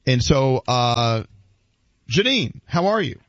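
A man hosting a morning radio show, chatting in a lively way and often cutting in with questions. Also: mid-range voice, no echo. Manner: chatty, animated, quick to interject. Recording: dull radio studio sound, dry.

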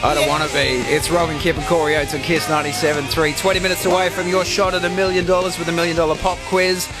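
A man's voice: a little high, flat delivery, fast, music in the background. Upbeat radio host man. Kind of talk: breakfast radio chat.

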